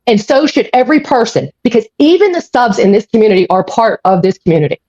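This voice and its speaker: A woman's voice: fairly high pitch, quick pace, warm tone, no room sound. Angry woman ranting on a stream. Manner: angry, profane, repeats herself. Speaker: live-stream host. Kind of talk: heated live-stream rant. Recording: dull lo-fi audio.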